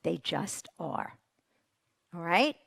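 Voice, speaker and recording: A woman's voice: on the low side, very slow, creaky, breathy edge, no echo. A woman, a parenting expert, giving a motivational stage talk and asking the audience questions. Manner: animated, asks the audience questions.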